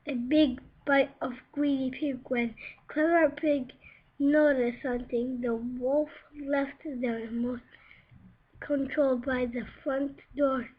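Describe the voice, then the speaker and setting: A woman reads a children's storybook aloud, carefully and unhurried, with small slips along the way. Her voice sits high, and she takes her time over every line. The recording is muffled and lo-fi. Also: slightly rough. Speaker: storybook reader. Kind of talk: reading a children's book aloud. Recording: dull lo-fi recording.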